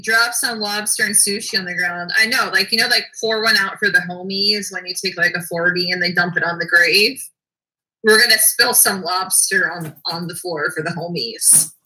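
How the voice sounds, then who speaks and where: A woman's voice: mid-range voice, bright, forceful tone, poor audio. A woman co-hosting a casual livestream chat, playful and full of "like"s. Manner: chatty and playful, lots of "like". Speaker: co-host.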